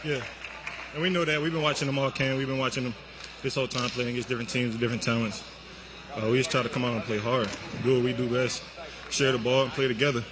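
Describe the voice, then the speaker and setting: A man answering post-game questions, calm and modest, in short replies. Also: mid-range voice, quick pace, crowd noise. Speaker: basketball player.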